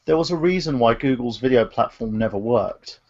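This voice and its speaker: Gravelly, laid-back male panelist. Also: medium pitch, animated, a little fast. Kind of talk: casual chat on a live stream. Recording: dull lo-fi stream audio.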